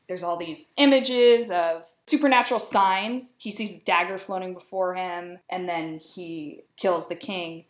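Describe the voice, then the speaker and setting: A woman podcast co-host giving a chatty, laughing plot summary in casual talk. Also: on the low side. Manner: chatty, laughing, quick asides. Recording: echoey room.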